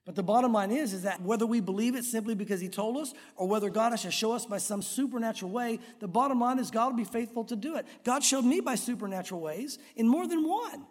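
A man's voice: very high voice, fast, few pauses. A man preaching a sermon as a pastor, telling stories and acting out voices. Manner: animated storytelling, acts out voices. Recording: long reverb of a large hall.

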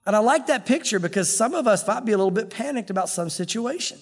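A high-voiced man preaches to his church in a relaxed, conversational tone. He often slips into the voices of the people he quotes. His voice rings out with a long hall echo. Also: quick pace. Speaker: pastor. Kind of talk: sermon.

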